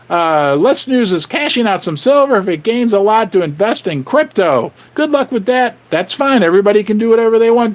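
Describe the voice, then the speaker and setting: A middle-aged man hosting a casual livestream, excitably rattling off viewer names and shout-outs, his voice going hoarse. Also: high voice. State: losing his voice. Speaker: livestream host.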